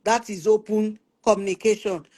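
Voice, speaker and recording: A lively woman, talking through marriage problems on a Christian family live stream. She speaks in a conversational teaching tone and leans on repetition to drive her points home. She slips readily into the voices of husbands and wives as she gives examples. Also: mid-range voice, normal speed. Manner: animated, acts out spouses' quoted lines; repeats words for emphasis. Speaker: host of a Christian family talk show.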